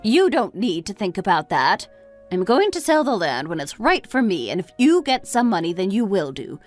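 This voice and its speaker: A woman's voice: medium pitch, sing-song, normal speed, soft background music, close to an everyday voice. A woman voicing an exasperated middle-aged mother who scolds her grown son with one reproachful question after another, read as a texting-story voice-over. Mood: dismissive.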